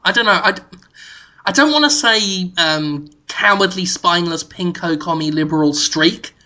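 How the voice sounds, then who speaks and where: A man hosting a casual comedic podcast, pitching absurd ideas in a mock-earnest deadpan. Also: normal speed. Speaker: podcast host.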